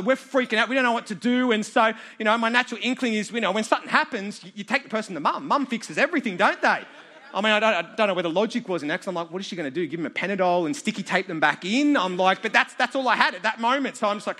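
An Australian man with a high, bright voice preaches to a live crowd. He tells his story with a self-mocking, joking touch. His sound is sharp and forward. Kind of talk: storytelling sermon to a live audience.

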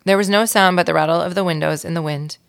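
A woman with a low, gravelly voice reads a children's chapter book aloud. She tells it expressively, as a guest reader for young listeners. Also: steady tone, quick pace.

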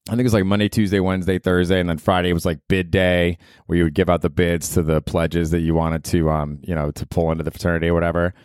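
A man's voice: sits low, flat delivery, fast talker, few pauses, a little mellow, clean tone, dry recording, studio quality. A man in his thirties hosting a solo podcast, telling rambling, profane stories and chuckling. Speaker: podcast host. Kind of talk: casual solo podcast monologue.

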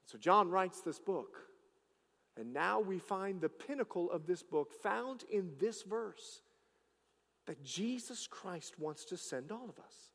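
A man preaching a sermon as pastor, swinging between loud declarations and hushed asides. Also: sits high, expressive, measured pace, gravelly, in a large hall.

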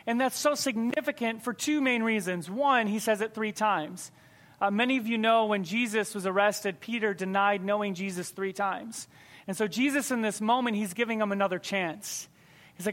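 A high-voiced man preaches a sermon to his congregation at normal speed with a fairly bright tone. He is conversational yet emphatic, leaning on key words and repeating them for weight.

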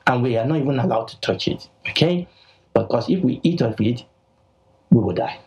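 A man voicing Eve as a woman insisting to the serpent, rushed and emphatic. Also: medium pitch, expressive, a little mellow, highs cut off, lightly acted. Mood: insistent. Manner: hurried, insistent retelling.

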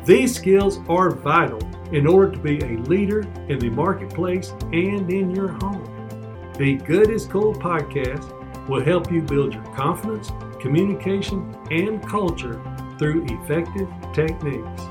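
A man co-hosting a podcast, reading the scripted show introduction in a measured, announcer-like way. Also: on the high side, animated. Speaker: podcast co-host. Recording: voice over a guitar music bed.

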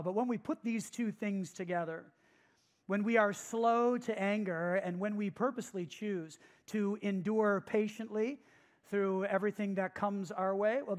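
Slow, emphatic pastor teaching a sermon. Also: mid-range voice. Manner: emphatic, repeats key phrases and asks the listeners questions.

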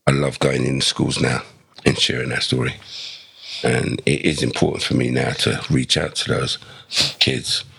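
A man in his sixties with an extremely deep, gravelly, husky voice. He talks in a relaxed, conversational way as a podcast guest. He acts out the lines of the people in his stories. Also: normal speed. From England. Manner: animated, acts out dialogue with quoted voices. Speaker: podcast guest, former footballer. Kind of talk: conversational storytelling.

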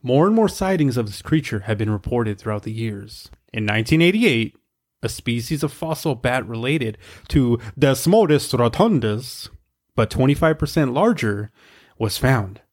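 A man co-hosting a podcast, reading research aloud in a steady way with wry asides. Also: medium pitch, normal speed. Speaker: podcast co-host.

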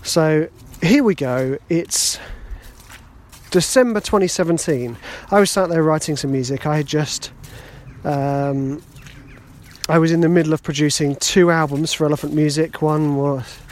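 A man's voice: on the high side, a little slow, darkish tone. A British man hosting a solo podcast, telling a rambling, self-deprecating story in a casual, chatty way. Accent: British English. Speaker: podcast host.

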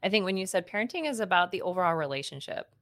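A woman's voice: lowish voice, animated, very fast, fairly bright tone, no echo, clean studio sound. Encouraging woman host explaining parenting steps. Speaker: parenting podcast host and educator. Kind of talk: instructive podcast talk.

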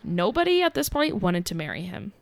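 A woman's voice: mid-range voice, sing-song, brisk, gravelly, dry recording. A young woman casually telling a history story as co-host, chatty with fillers and giggles. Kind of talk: casual chat.

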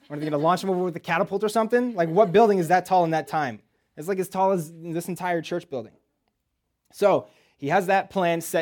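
Preaching in a church, a man with a high, slightly mellow voice retells a Bible story in a joking, casual way, tossing out rhetorical questions and quick asides.

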